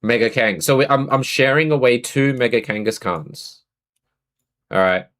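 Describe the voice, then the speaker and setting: A man's voice: medium pitch, normal speed, fairly bright tone. A man with an Australian accent chatting casually on a live stream, greeting and answering his viewers.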